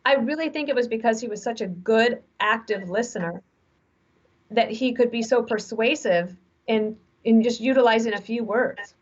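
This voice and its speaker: A woman in her forties, speaking as an interview guest who gives frank, animated advice through stories. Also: on the high side, moderate pace. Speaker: guest author. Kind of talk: conversational interview. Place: remote video call. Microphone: video call mic. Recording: dull lo-fi video call audio.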